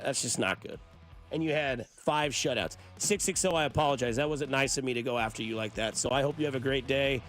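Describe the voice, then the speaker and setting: Guy hosting morning sports radio, kinda high voice, fired up and teasing, dry close studio mic. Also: no echo. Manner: animated, riffing, teasing the listeners.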